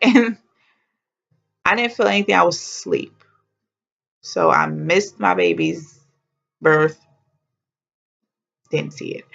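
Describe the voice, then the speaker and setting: A woman's voice: lowish voice, vocal fry, fairly bright tone, lo-fi sound. A woman vlogger telling a personal story in a chatty, heartfelt way, with exclamations and slang.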